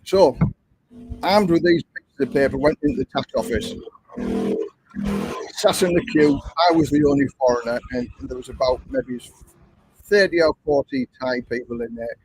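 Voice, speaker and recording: A man's voice: mid-range voice, normal speed, a little mellow, a little hiss or hum, poor audio. An older man with an English accent, telling a long story in a chatty, repetitive way while hosting a livestream. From England. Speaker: livestream host.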